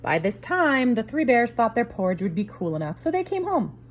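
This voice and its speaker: A woman reading a picture book aloud to children in an expressive storyteller's way. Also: fairly high pitch, brisk. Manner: expressive, varied storyteller delivery. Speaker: storybook reader.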